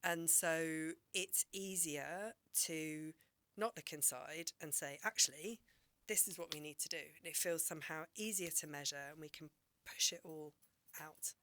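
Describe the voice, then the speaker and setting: A woman, a doctor guest on a podcast, speaking reflectively and candidly, sometimes dropping to a soft near-whisper. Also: low-pitched, a little slow.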